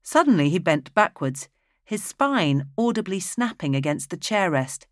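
A woman with a low voice narrates a story aloud in a steady, even manner. The recording is dry and close, with no room sound. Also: measured pace, no echo. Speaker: audiobook narrator. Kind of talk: scripted narration.

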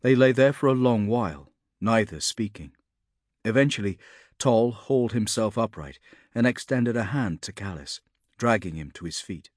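Man reading a fantasy book aloud, lowish voice, steady, super dry sound. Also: moderate pace, dry recording. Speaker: narrator. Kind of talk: scripted audiobook narration.

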